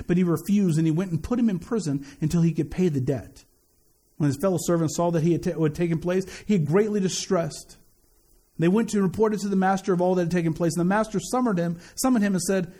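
High-voiced man preaching a lively sermon. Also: quick pace. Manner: animated, conversational preaching with slangy asides and repetitions.

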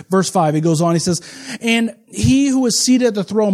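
A man in his forties, a pastor with a notably high voice, delivers a sermon. He drops low and close for confiding asides, then draws out words slowly and loudly when he proclaims. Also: animated. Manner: swings from low, intimate asides to loud, slow, emphatic proclamation.

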